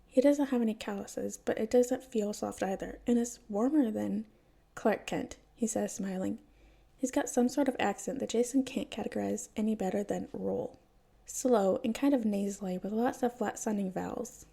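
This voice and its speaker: A woman reading fan fiction aloud as a podfic, telling the story in a calm, even way. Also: mid-range voice, normal speed, gravelly. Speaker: podfic reader.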